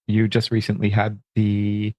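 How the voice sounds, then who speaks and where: A man hosting a podcast, asking questions in a relaxed, easily amused way. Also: lowish voice, a little slow, no room sound. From Canada. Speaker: podcast host. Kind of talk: casual interview chat.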